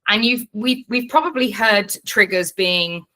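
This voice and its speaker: A woman's voice: medium pitch, measured pace. A woman coaching a live online workshop in a casual, frank way, swearing freely and explaining things with lots of fillers. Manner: animated teaching with fillers.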